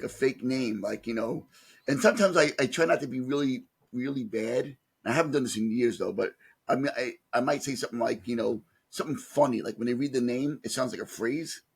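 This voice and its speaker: A man's voice: medium pitch, a little fast, breathy edge. A man co-hosting a podcast, talking in an easygoing, rambling way. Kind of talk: casual podcast chat.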